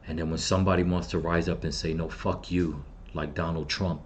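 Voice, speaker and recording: His voice is low and steady, running a little fast, with some hiss or hum underneath. A middle-aged channel host, he grieves over his loss and then rages bitterly in an angry personal vlog, swearing heavily at whoever he blames.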